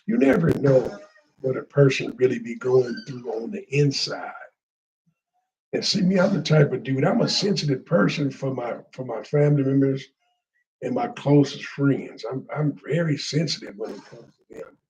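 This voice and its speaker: A man's voice: mid-range voice, lively intonation, moderate pace, a little mellow, muffled recording, a little hiss or hum. A man telling a heartfelt personal story in a rambling, casual way, with street slang.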